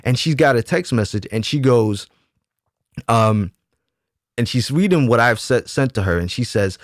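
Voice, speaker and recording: Male commentator, mid-pitched, emphatic storyteller, dry close sound. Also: lively intonation, unhurried, long pauses, dry recording. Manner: emphatic, keeps asking "right?". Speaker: YouTube commentator. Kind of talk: casual storytelling monologue.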